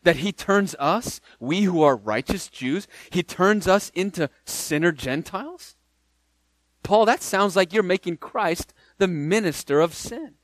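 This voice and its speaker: A man preaching a verse-by-verse sermon, emphatic and repeating key phrases for stress, with lively swings in loudness. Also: high-pitched, unhurried, dry recording.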